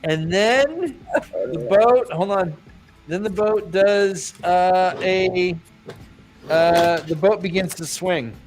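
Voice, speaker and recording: Halting, slightly high-voiced man. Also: darkish tone, faint music behind. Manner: halting, stops to restart and find words. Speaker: podcast co-host. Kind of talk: casual book discussion.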